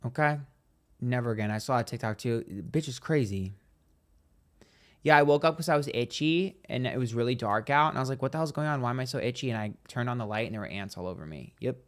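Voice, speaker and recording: Man, livestream host, sassy, profane, dramatic storyteller, middle pitch. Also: fast talker. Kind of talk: casual livestream chat. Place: on a train.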